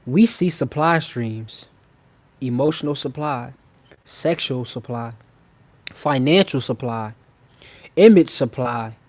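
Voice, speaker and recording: A man's voice: mid-range voice, darkish tone. A man hosting a live-stream masterclass, talking in a slangy, emphatic way, repeating key phrases and checking in with his listeners. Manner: slangy and informal. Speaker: self-help channel host.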